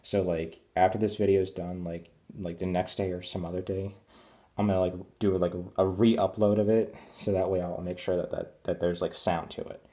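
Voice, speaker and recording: A man's voice: deep voice, level tone, normal speed, mellow. A man in his twenties ranting at home, crude and rambling, full of fillers, keeping his voice down early in the morning. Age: 20s. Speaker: vlogger. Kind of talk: rambling rant to camera. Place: at home indoors.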